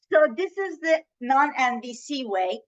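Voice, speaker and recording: A woman presenting an interactive webinar on communication, teaching in a gentle, earnest way and asking the audience questions, heard over a video call mic. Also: high voice, big pitch swings, slow, muffled recording.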